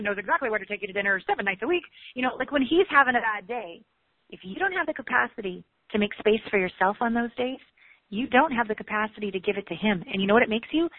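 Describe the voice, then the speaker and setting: A woman relationship coach giving a candid, animated motivational talk, swearing casually. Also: on the high side, dry recording. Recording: tinny phone-like sound.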